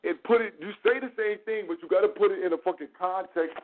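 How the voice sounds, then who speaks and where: High-voiced man ranting over a phone line. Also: fast, noisy background. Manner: profane, animated storytelling with mocking quoted voices. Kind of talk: casual chat.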